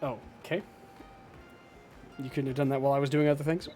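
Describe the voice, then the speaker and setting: A man's voice: medium pitch, level tone, a little fast, warm tone, faint music behind. A man narrating as game master of a tabletop game, hesitant with many fillers.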